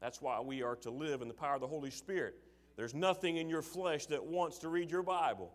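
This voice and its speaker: A man preaching a sermon, moving from casual, filler-laden asides to forceful, emphatic calls to his listeners. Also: fairly high pitch, brisk. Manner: acts out his father's sarcastic voice.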